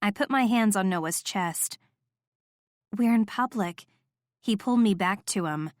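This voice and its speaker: A woman's voice: medium pitch, moderate pace, no room sound, studio quality. Woman narrating a romance audiobook. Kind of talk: first-person romance narration.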